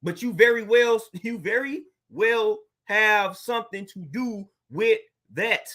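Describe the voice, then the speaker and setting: A man's voice: high voice, slow, bright, forceful tone. A man giving a casual, earnest motivational talk as a coach, preaching and often calling listeners "man" and "fam".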